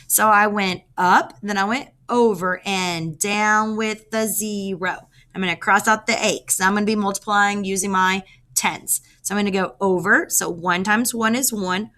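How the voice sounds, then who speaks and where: A woman's voice: medium pitch, bright, forceful tone. A woman teacher explaining a math lesson step by step, counting aloud as she works.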